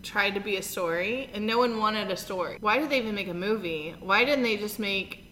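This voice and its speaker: A bubbly woman in her thirties chatting casually, her voice bright and forward. She laughs easily and tells stories with animation. The room rings with a long echo, and a faint hiss sits underneath. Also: mid-range voice, fairly quick. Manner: bubbly, giggly, animated retelling. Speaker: podcast co-host. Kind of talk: casual chat. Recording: roomy reverb with faint noise.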